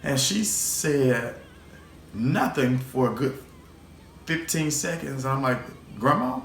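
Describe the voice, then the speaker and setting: A man hosts his own vlog, recounting a personal story in a rambling, emotional way, repeating words and swearing occasionally. His voice is medium-pitched, slow and creaky. The recording has a roomy echo and faint background noise.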